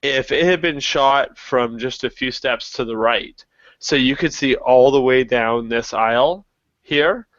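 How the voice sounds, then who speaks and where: A man co-hosting a photo show over a video call from home, chatting casually with self-deprecating jokes and halting restarts. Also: mid-range voice, a bit bright, no room sound. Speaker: co-host and photographer. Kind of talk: casual chat. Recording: dull, dry lo-fi call audio.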